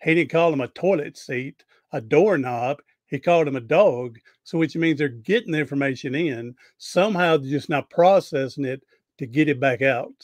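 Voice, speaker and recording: A man's voice: on the high side, moderate pace, dry recording. A man hosting a podcast interview, telling rambling, folksy anecdotes with frequent restarts. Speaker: podcast host. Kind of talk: casual interview storytelling.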